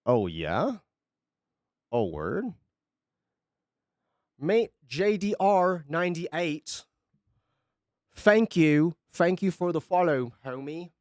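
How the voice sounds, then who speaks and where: A young male live streamer with a fairly high voice rants casually and sarcastically, very animated and bouncy, drawing out words and leaving long pauses. His chat is profane and rambling, caught dry on a close mic without echo.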